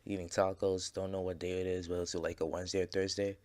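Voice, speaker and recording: Low-voiced man rambling through a story. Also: flat delivery, quick pace, a little mellow. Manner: rambling, swears often, many fillers and restarts. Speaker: gaming channel creator. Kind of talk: casual storytelling over gameplay.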